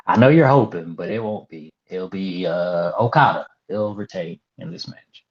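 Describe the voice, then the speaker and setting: A man's voice: sits low, moderate pace. A young man co-hosting a casual wrestling review podcast, with a dry, mocking way of talking. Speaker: podcast co-host. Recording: dull lo-fi audio.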